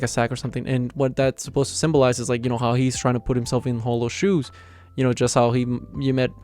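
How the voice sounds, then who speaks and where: A man's voice: mid-range voice, mellow. A young man casually recapping an anime episode as a reviewer, rambling and filling gaps with "like" and "you know.".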